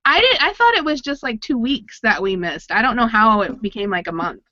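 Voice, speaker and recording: A woman's voice: fairly high pitch, very animated, fairly quick, pushed and bright, lo-fi sound. A woman hosting a casual online chat show, talkative and laughing often. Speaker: podcast host.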